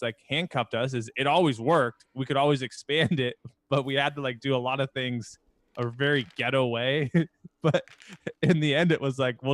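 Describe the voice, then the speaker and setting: A man co-hosting a podcast in casual chat, laid-back, saying "yeah" over and over and telling stories with quoted lines. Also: mid-range voice. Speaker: podcast co-host.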